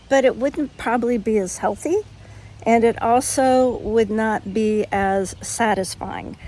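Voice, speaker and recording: A woman's voice: a little high, mellow, a little hiss or hum. An older woman chatting frankly in a casual home vlog, folksy, with frequent ums. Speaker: vlogger.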